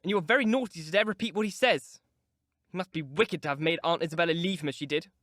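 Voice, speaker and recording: A man's voice: on the high side, fast, a bit bright, no room sound, clean studio sound, natural voice. A man doing a fiery, pleading teenage girl. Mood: angry. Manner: impassioned, pleading. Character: hot-tempered, tender-hearted teenage girl. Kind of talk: audiobook character reading.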